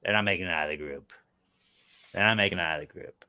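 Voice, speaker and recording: A man's voice: low-pitched, fast talker, sharp tone, clean tone. A man from the United States co-hosting a podcast, ranting bluntly with plenty of swearing. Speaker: podcast co-host. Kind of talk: casual chat.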